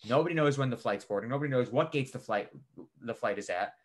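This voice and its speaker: A man co-hosting a podcast, telling a story in animated casual chat, swearing freely and saying "like" a lot. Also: mid-range voice, quick pace. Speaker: podcast co-host.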